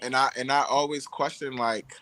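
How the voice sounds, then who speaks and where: A man's voice: medium pitch, steady tone, normal speed, bright, forceful tone, dry recording. A man speaking as a podcast guest, casual and reflective, working through his thoughts aloud. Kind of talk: casual chat.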